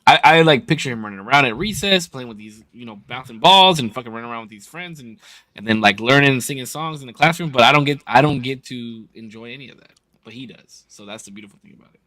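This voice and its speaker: A man's voice: mid-range voice, fast talker, bright, forceful tone. A man co-hosting a podcast, talking casually and bluntly with plenty of swearing. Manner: blunt, profane, laughing easily. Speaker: podcast co-host. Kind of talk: casual chat.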